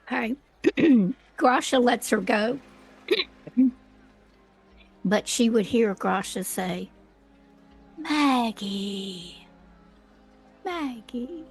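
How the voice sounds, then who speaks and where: Woman, tabletop player, very slow, faint music behind. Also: a little high. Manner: deliberate, clears throat often. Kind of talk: playing a tabletop game.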